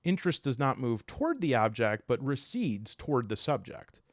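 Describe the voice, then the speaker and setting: A man voicing a formal older male scholar who explains in a dry, measured, lecturing way. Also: mid-range voice, sing-song, no room sound.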